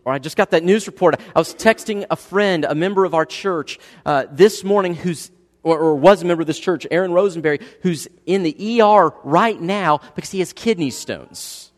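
A male pastor in his thirties giving a dynamic sermon, swinging between hushed and loud passages. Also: fairly high pitch, normal speed. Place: church sanctuary. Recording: long reverb of a church hall.

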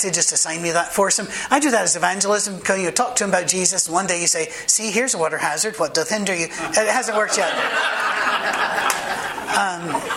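A man's voice: high voice, gravelly, noisy background. A man pastor delivering a sermon, mixing humorous anecdotes and asides with short, emphatic commands.

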